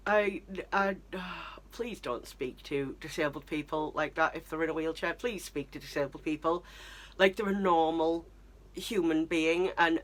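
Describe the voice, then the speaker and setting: A woman's voice: fairly low pitch, fairly bright tone. A young British woman telling stories in a chatty, exasperated vlog style, with lots of fillers. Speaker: vlogger. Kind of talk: storytelling vlog.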